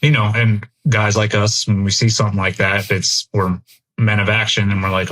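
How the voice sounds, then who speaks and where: Talking openly as a podcast interviewee, a middle-aged American veteran reflects earnestly, thinking through ideas aloud. He speaks at normal speed in a lowish, slightly bright voice with little pitch movement.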